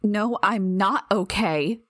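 A woman's voice: mid-range voice, takes it slowly, fairly bright tone, dry recording, clean studio sound. A woman voicing an injured young woman who trembles with self-pity and lashes out in anger, in an audiobook reading. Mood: anguished. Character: anguished, bitter young woman, injured and cornered.

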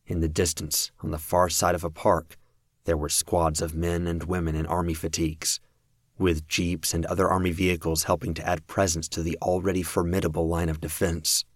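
A man narrating a fan audiobook in a steady, measured reading. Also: sits low, dry recording, studio quality.

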